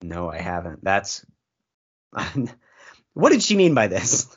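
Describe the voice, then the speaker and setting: A man's voice: sits low, huge pitch swings, slow pace, slightly rough. A man co-hosting a podcast in casual comedic chat, sarcastic with dry jokes and frequent ums. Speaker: podcast co-host. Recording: dull lo-fi podcast audio.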